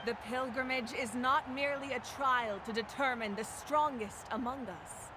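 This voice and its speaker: A woman voicing a proud, commanding woman who hosts a ceremony, speaking in a slow, solemn, declamatory way. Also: high-pitched, steady tone, natural voice. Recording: game audio with crowd and noise.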